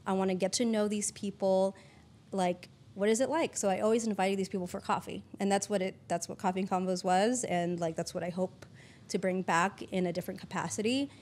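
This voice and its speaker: A woman's voice: medium pitch, fairly even intonation, fairly quick, darkish tone. A woman producer chatting casually as a podcast guest, peppering her talk with "like" and the odd swear. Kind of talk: casual interview chat.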